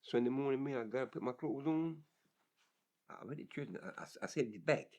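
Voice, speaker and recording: A man's voice: mid-range voice, animated, brisk, dark tone. An older man telling his life story in an interview, plain-spoken and vivid, often repeating words as he goes. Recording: dull lo-fi recording.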